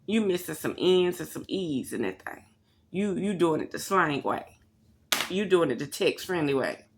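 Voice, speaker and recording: Low gravelly-voiced woman ranting bluntly. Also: moderate pace, slight background noise. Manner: blunt, profane, animated. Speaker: vlogger. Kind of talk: casual storytelling rant.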